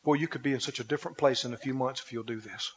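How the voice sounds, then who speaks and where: A man's voice: mid-range voice, racing, breathy edge. A man preaching a sermon as pastor, often asking the congregation questions such as whether they are with him. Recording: dull recording with long hall reverb.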